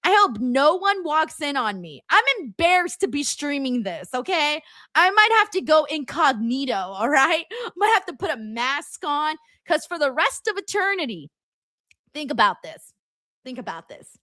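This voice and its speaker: A woman hosting a live wrestling watchalong, chatting casually and reading viewer comments. She laughs often and swears freely, with a bright, fairly high voice. The sound is close and dry. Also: very animated, moderate pace, no room sound.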